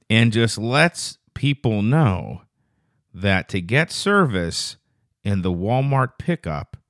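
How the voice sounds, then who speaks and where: A man hosting a casual solo podcast, telling a rambling, profane story that turns loud and quick when he gets indignant. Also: medium pitch, no echo, studio quality. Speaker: podcast host.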